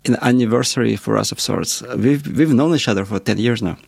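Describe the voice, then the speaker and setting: A man co-hosting a podcast in casual chat, halting with many restarts and frequent chuckles. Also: medium pitch, vocal fry, a little mellow, slightly rough, dry recording. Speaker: podcast co-host.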